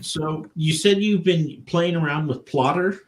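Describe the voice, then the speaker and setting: An older man co-hosts a podcast, asking plain, wry questions in a mid-pitched, ordinary voice. His delivery is casual and unhurried. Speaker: podcast co-host.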